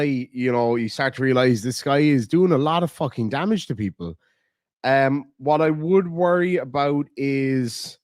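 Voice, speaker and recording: A man's voice: mid-range voice, darkish tone, dry recording, clean studio sound. A man hosting a casual livestream, rambling loosely, swearing freely and reading out viewer messages. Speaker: livestream host. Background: dogs nearby.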